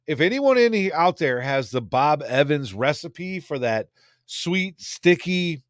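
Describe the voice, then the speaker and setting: A man's voice: a little high, very animated, a little slow, no echo, clean studio sound. A man hosting a casual livestream, rambling crudely and reading out viewer comments. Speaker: livestream host.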